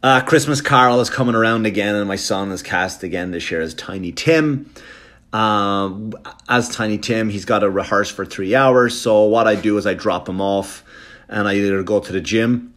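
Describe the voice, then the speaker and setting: Middle-aged male comic, low voice, rambling anecdote delivery, stumbles and restarts, salty asides. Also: moderate pace. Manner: animated, stammering, profane asides. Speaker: comedian podcast host.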